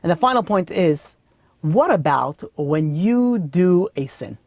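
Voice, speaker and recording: A man's voice: sits high, expressive, takes it slowly, a little mellow, no echo, clean studio sound. A man, a rabbi teaching a weekly class, telling a story conversationally with many fillers and acting out the dialogue. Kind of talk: storytelling lesson.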